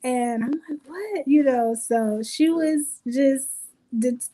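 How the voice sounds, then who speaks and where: A young adult woman telling her life story in an interview, lively and acting out the people she quotes. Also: sits high, slow pace. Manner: animated, acts out quotes with laughs. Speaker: guest. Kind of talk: conversational storytelling.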